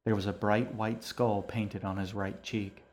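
Male storyteller, lowish voice, steady, calm narration. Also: unhurried. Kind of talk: audiobook narration.

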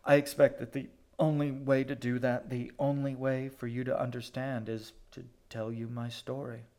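A man doing a quiet, menacing captor. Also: mid-range voice, little pitch movement, lightly acted. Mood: quiet menace. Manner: quiet, measured, clipped.

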